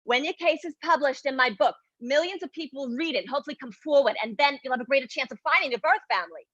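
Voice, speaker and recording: A woman's voice: high voice, fast talker, a bit bright, no room sound, lo-fi sound, voice pushed up. A woman playing a brash, self-important middle-aged adoption searcher with a New Jersey accent, in a solo stage monologue. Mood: brash, breezy. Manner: self-important, breezy, defensive.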